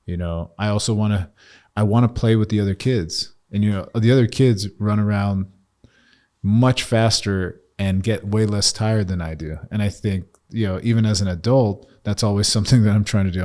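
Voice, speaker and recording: A man in his thirties talks on a casual podcast in a lowish voice. He is open and reflective, and he pokes fun at himself as he goes. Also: fairly even intonation, normal speed, darkish tone. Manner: candid, reflective, self-mocking humor. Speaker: podcast co-host and coach.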